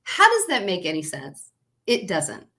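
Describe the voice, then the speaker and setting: A woman's voice: on the low side, wildly swooping pitch, unhurried, sharp tone. A woman in her forties telling a personal story in a chatty, rambling way, with many fillers and tag questions. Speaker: wellness vlogger.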